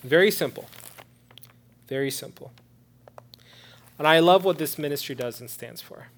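A man preaching as a pastor, earnestly urging and then leading a prayer, moving from soft, low prayer to loud pleading. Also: moderate pace. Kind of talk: sermon with altar-call prayer.

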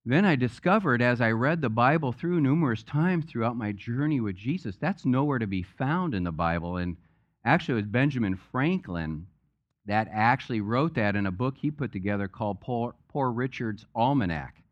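A male pastor delivers a sermon in a relaxed, chatty way and tells jokes along the way. His voice sits at an ordinary middle pitch. The church recording sounds a little dull and muffled. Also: normal speed. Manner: conversational, joke-telling preacher. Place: church sanctuary.

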